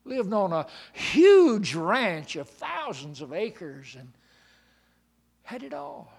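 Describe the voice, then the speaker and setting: Male preacher, sermon delivery, high bright voice, slow and deliberate, big dynamic swings. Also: sing-song, gravelly. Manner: dramatic swings from hushed to shouting.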